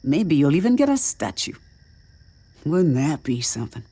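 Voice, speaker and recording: A woman's voice: low voice, sing-song, moderate pace, warm tone, breathy edge, exaggerated voice. A woman voicing a tough, guarded woman explorer who speaks dry and firm. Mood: gentle.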